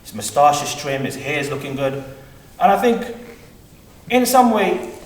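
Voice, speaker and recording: A man's voice: fairly high pitch, very animated, unhurried, far from the mic. Man giving a eulogy in an echoey hall. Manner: rambling and heartfelt, livening up when quoting his uncle. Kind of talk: funeral eulogy. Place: large hall at a funeral service. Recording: echoey hall, heard from afar, faint room noise.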